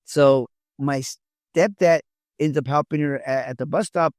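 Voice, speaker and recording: Man recounting his family history, halting. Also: on the high side, a little mellow, no room sound. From Mexico. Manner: halting, many restarts and repeated words. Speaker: interview guest, former police officer. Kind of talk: candid storytelling in an interview.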